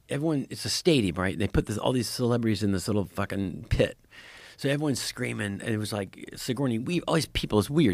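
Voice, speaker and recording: Excitable, cursing male comedian. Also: mid-range voice, no echo. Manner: excitable, profane storytelling with many restarts. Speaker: comedian guest. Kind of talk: casual podcast chat.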